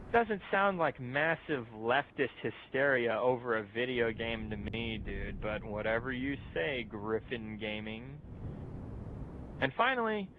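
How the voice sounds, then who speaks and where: A young man rants with sarcastic scorn at his critics, swearing freely and chuckling at his own put-downs. His voice sits in an ordinary middle register, with a faint low rumble beneath the recording. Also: a bit bright, rough recording. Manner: mocking, profane, sarcastic, laughs at own jokes. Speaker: youtuber ranting at other channels. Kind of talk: profane rant to camera.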